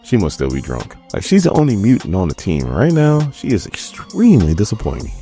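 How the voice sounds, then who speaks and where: A man's voice: lowish voice, huge pitch swings, fairly quick, warm tone, soft background music. A man casually recapping a comic book issue, retelling scenes in a chatty, slangy way. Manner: retells scenes conversationally, mimicking characters' lines with slangy asides.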